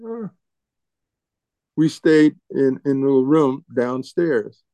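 An older man reminiscing as an interviewee, halting and often restarting and repeating his words. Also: medium pitch, mellow, no echo. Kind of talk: reminiscing storytelling.

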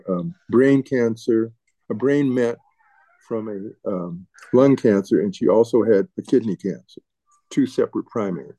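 An older man reminiscing as an interviewee, halting and often restarting and repeating his words. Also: on the low side, mellow, no echo. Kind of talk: reminiscing storytelling.

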